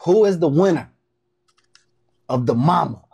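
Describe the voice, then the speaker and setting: A man's voice: fairly high pitch, lively intonation, unhurried, creaky, darkish tone, breathy edge. A young adult man co-hosting a sports talk show, with laid-back, joking banter. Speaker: co-host.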